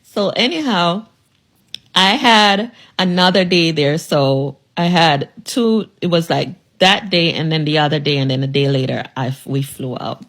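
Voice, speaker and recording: A woman's voice: deep voice, moderate pace, few pauses, fairly bright tone. Sassy woman telling her story. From United States. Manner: sassy, emphatic, addresses listener directly. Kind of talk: casual storytime to viewers.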